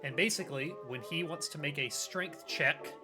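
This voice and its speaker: A man's voice: on the high side, moderate pace. A man in a chatty, loose way explaining the rules as game master of a tabletop game, with lots of fillers. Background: background music.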